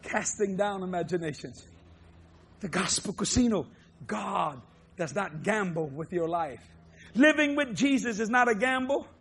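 A man preaching a televised sermon, swinging from low murmurs to loud shouting. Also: slightly rough.

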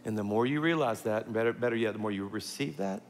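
A man's voice: fairly low pitch, fast talker. A middle-aged man preaching a sermon, telling a personal story with humorous asides and acting out the voices he quotes. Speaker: pastor. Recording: long hall reverb, faint music.

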